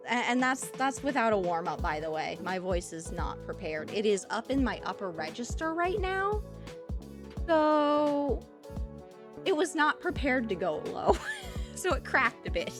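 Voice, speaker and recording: A woman's voice: on the high side, big pitch swings, measured pace, over music. A woman streamer with a Southern US accent, chatting casually with viewers and laughing often. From US Midwest and South.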